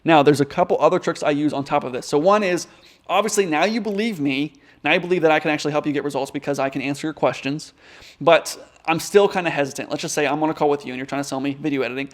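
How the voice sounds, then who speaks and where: Rapid-talking man giving business advice. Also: on the high side. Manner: rapid, direct, conversational. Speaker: online business coach. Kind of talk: casual advice vlog.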